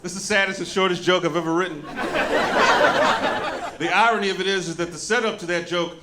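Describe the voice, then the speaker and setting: A man in his thirties doing a stand-up set with a loud, profane, punchy delivery on a handheld mic. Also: sits high, steady tone, fast, very noisy. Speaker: stand-up comedian. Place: comedy club stage with a live audience. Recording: roomy live club with loud crowd. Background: audience laughter.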